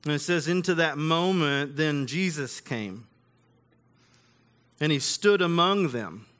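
A man's voice: fairly high pitch, animated, slow pace, fairly bright tone. A man preaching a sermon in a casual, conversational way, with everyday slang. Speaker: pastor.

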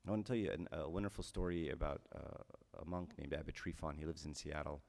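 A man's voice: a bass voice, fairly even intonation, fast, darkish tone, in a large hall. A man giving a conversational homily as a priest, often checking in with his listeners with "right?".

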